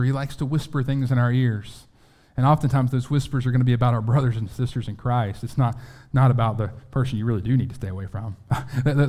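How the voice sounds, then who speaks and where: A man preaches in a loose, conversational way. He slips into acted-out quotes and often restarts his sentences. His voice sits at an ordinary middle pitch. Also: dark tone. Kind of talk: sermon.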